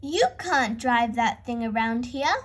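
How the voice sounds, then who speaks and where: Matter-of-fact old grandpa pig, slow and steady, as a woman reads him aloud. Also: a little high, pitched below the performer's own voice, lightly acted. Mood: gentle. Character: kindly grumbly old male pig. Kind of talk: storybook reading.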